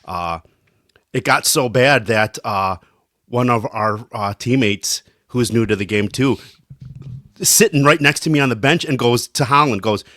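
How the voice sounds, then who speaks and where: A man's voice: mid-range voice, a little slow, fairly bright tone, no echo, studio quality. A man co-hosting a podcast in casual chat, chiming in with jokes and short quips.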